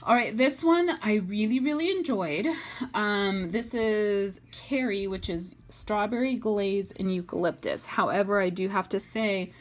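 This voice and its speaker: A woman's voice: medium pitch, measured pace. A woman reviewing wax melts in a casual, chatty vlog, enthusiastic and full of fillers. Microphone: webcam or phone mic.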